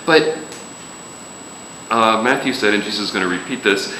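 Preacher man with a bright ringing voice. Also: on the low side, normal speed, a little hiss or hum. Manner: conversational, joking asides, emphatic rises. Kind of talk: sermon. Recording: echoey room with faint ambience.

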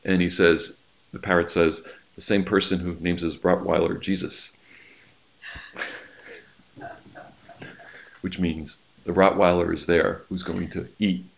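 A man with a very low voice gives a sermon in a loose, chatty way, breaking off for asides. The recording sounds slightly muffled and lo-fi. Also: little pitch movement, measured pace, creaky, long pauses. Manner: conversational preaching with asides and jokes. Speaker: pastor.

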